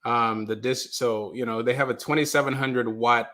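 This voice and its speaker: A man hosts a casual live stream from a basement, in a voice of ordinary middle pitch. He chats loosely with his viewers and reads their comments aloud. He keeps apologizing whenever the stream freezes. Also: steady tone, moderate pace, pushed and bright. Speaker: livestream host. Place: mother's basement.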